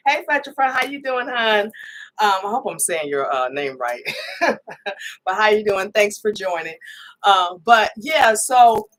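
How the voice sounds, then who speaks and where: A woman, hosting a casual livestream as a spiritual reader, talking in an animated storytelling way, acting out other people's lines and tagging sentences with "okay?". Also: a little high, low-quality recording. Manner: chatty, animated storytelling with frequent laughs and "okay?" tags; acts out others' lines in quoted voices. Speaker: spiritual reader and channel host.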